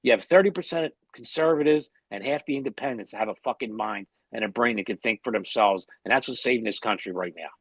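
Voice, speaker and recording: A man's voice: mid-range voice, quick pace, hardly any pauses, husky, no echo. A man co-hosting a podcast, talking bluntly and heatedly with heavy swearing. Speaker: podcast co-host. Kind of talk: casual podcast chat.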